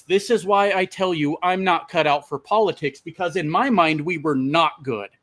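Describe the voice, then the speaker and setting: Male trucker vlogger, slightly high voice, casual storyteller, swears a lot, talks straight to viewers. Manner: profane, animated, addresses viewers as "my friends". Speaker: truck driver and channel host.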